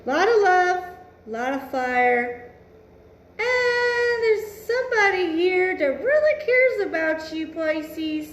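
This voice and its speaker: A woman's voice: very high-pitched, lively intonation, slow, echoey room, slight background noise. A woman giving a casual tarot reading, blunt and emphatic, swearing freely and musing aloud. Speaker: tarot reader.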